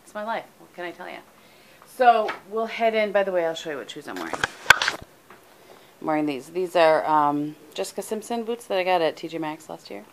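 This vlogger, a middle-aged woman from the US, has a lowish voice with lively intonation and speaks a little fast over background noise. Tired and sleepy, she chats in a rambling way at home, saying um often, captured on a camera mic.

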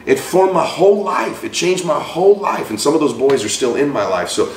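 A man's voice: on the high side, a little fast, slight background noise. Guy in his 40s telling a story, does all the voices, roomy sound, kinda far from the mic. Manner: animated storyteller acting out quoted voices. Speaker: guest. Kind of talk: storytelling interview.

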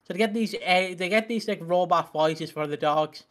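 A man with a high voice telling rambling stories in a loose podcast chat. He is full of fillers and restarts and breaks into giggles often. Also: normal speed, few pauses, fairly bright tone. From Britain. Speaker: podcast co-host. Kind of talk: casual chat.

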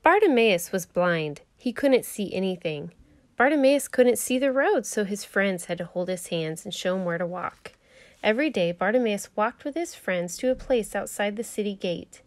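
A woman teacher reads a children's Bible story aloud with lively, expressive delivery. Her voice sits at a middle pitch, and the recording is dry with no room sound. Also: moderate pace, no room sound.

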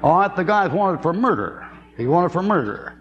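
With a high-pitched, sing-song voice at a moderate pace, a man in his seventies delivers a folksy sermon. Stories, frequent laughter and drawling asides fill it. It was recorded on dull lo-fi tape that hums faintly.

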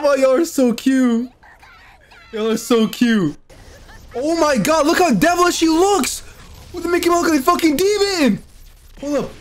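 A man hosting an anime reaction channel, giving live reaction commentary in excitable outbursts full of swearing and shouting. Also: extremely high pitch, normal speed, long pauses, slight background noise. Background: faint anime soundtrack playing.

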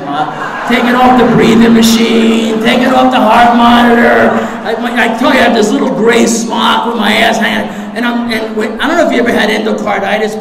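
A man sharing his recovery story at a meeting, animated and acting out the voices of others, sometimes shouting for effect. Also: high-pitched. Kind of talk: recovery share to a live audience. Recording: echoey hall recording with audience.

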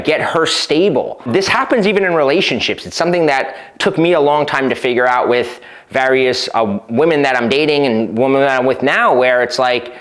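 Man, dating coach, middle pitch, casual advice talk, says "right?" a lot. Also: a bit bright. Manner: conversational, often asks "right?", acts out quoted exchanges.

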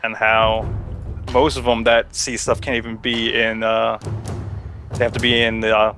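A young man co-hosting a casual online show, explaining things haltingly with many fillers while gaming. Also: mid-range voice, monotone, bright, forceful tone, faint music behind. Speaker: podcast co-host.

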